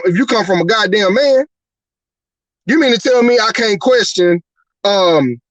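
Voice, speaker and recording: A man's voice: high voice, fairly bright tone, dry recording, lo-fi sound. A man hosting a live talk show, ranting angrily and profanely, firing off one rhetorical question after another. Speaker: host. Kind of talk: heated live-show rant.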